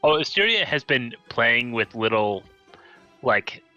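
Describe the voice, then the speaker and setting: A man's voice: medium pitch, big pitch swings, measured pace, pushed and bright, highs cut off, soft background music. A man playing a tabletop game, talking casually and offhand about his character. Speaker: player.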